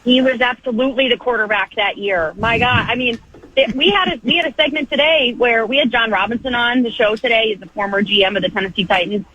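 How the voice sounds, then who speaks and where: A woman in her thirties, a guest on a radio show by phone, telling stories with lively self-deprecating humor. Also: fairly high pitch, quick pace, dull audio. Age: 30s. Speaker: guest, football TV host. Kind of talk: casual radio interview by phone.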